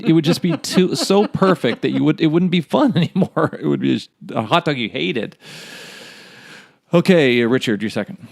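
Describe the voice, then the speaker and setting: A man's voice: mid-range voice, expressive, brisk, vocal fry, dry recording, studio quality. A man co-hosting a podcast in casual chat, rambling and speculating, laughing at his own stories. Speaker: podcast co-host.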